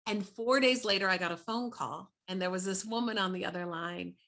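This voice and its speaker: An American woman, a guest in an interview, telling her life story in an animated, heartfelt way with frequent restarts. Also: mid-range voice, a little fast, creaky. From United States. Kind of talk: personal storytelling in conversation.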